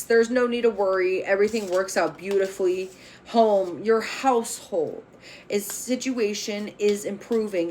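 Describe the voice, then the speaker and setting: A woman's voice: mid-range voice, a little hiss or hum. A woman reading tarot cards on a spiritual vlog, speaking bluntly and with fiery emphasis, swearing freely as she makes bold declarations. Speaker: tarot reader.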